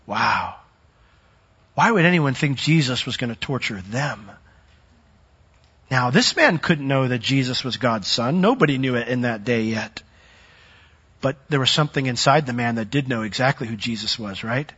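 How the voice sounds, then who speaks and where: Husky animated male preacher. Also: medium pitch, moderate pace, long pauses, highs cut off. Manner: animated, dramatizes the demon's voice with sudden loud swells and soft drops. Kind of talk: sermon.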